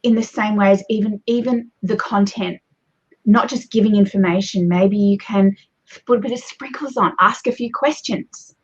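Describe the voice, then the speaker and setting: A woman, a guest coach speaking in animated conversation, shifting her pace and loudness as she explains. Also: mid-range voice, normal speed, breathy edge. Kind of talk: conversational advice. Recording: dull, muffled lo-fi audio.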